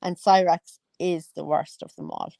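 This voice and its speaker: A woman's voice: on the low side, fairly even intonation, normal speed, gravelly, warm tone, dry recording. A woman, gossiping casually about online videos and exclaiming often. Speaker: commentary vlogger. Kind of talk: casual chat.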